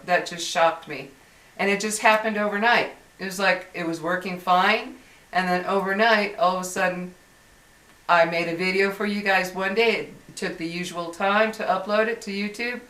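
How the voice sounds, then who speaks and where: An older woman speaks straight to her viewers in a somewhat low voice, rambling and clearly exasperated. She often stops and restarts her sentences. The audio is roomy and echoey, as if the mic sits a few feet away. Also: fairly bright tone. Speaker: YouTuber. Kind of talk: venting vlog to viewers. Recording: roomy echo, distant mic.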